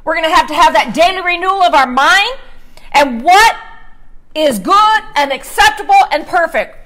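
A woman pastor preaching, emphatic, slowing down to stress scripture. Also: extremely high pitch, expressive, a bit bright. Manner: emphatic, slows to stress scripture, asks "Amen?". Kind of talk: sermon.

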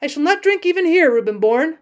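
A woman voicing a dying old male frontier hunter who speaks in a solemn, pleading, old-fashioned way, in a high voice. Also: animated, a little fast. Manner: solemn, pleading, archaic speech.

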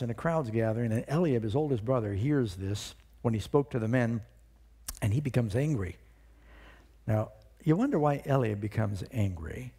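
In a mid-range voice, a male pastor preaches a sermon, retelling a story with lively storytelling and putting questions to the congregation.

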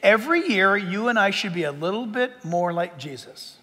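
A man preaching a sermon as pastor, emphatic and swinging between loud and hushed. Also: high voice, expressive, normal speed. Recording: long hall reverb.

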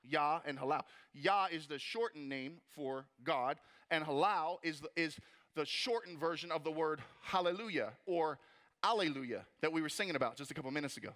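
A man preaching a sermon as pastor, energetic, asking rhetorical questions and tossing in playful asides. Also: fairly high pitch, normal speed.

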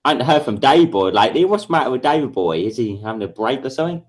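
A man's voice: medium pitch, very animated, rapid-fire. A man hosting a casual livestream chat, sweary and blustering, often repeating himself. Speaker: livestream host.

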